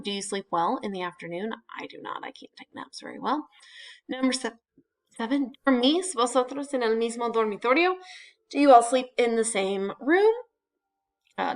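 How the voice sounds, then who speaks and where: A woman teaching a recorded Spanish lesson, talking students through the verbs step by step with casual fillers. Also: fairly high pitch. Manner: chatty, explains step by step with fillers. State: has hiccups.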